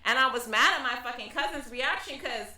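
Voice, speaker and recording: A woman in her thirties co-hosting a podcast, telling stories in a loud, profane, animated way. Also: a little high, brisk, very noisy. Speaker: podcast co-host. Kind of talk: casual chat. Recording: echoey room.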